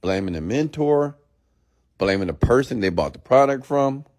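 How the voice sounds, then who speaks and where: A man's voice: mid-range voice, animated, normal speed, darkish tone. A man hosting a late-night live stream, ranting bluntly and profanely at viewers, then answering their questions. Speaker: entrepreneur mentor host.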